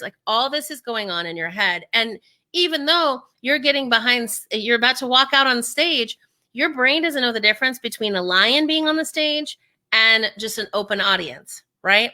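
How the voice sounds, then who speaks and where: A woman speaking coach as an interview guest, energetic and acting out inner voices as she explains. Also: a little high, moderate pace.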